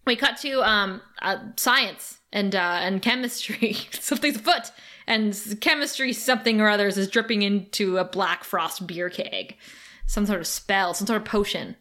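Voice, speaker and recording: A woman co-hosting a podcast, chatting casually as she retells scenes with laughter. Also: mid-range voice. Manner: animated retelling with laughs and acted quotes. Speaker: podcast co-host. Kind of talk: casual recap chat.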